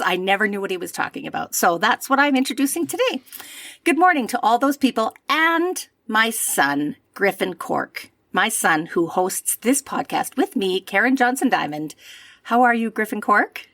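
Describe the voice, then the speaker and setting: A woman's voice: medium pitch, animated, moderate pace, a bit bright, dry recording. A middle-aged woman co-hosting a podcast in casual chat, teasing and motherly. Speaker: podcast co-host.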